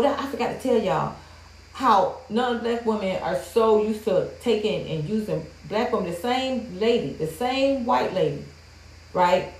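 Woman livestream host, higher voice, blunt and cussing, roomy echo. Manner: blunt, profane, heated and emphatic. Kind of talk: casual livestream rant.

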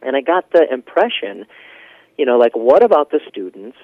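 A man telling a story in casual conversation, animated and laughing often, with lots of fillers. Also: medium pitch, moderate pace, no echo. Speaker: guest. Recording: tinny phone line, dry.

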